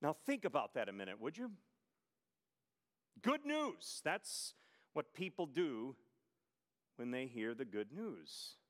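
A man's voice: mid-range voice, big pitch swings, unhurried, big-room sound. A man preaching a sermon, retelling a story with emphasis and rhetorical questions.

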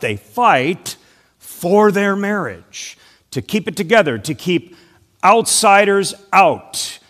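High-voiced pastor preaching in a reverberant hall. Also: male voice, fairly bright tone. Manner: deliberate, asks the congregation questions. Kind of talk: sermon. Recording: long reverb of a large hall.

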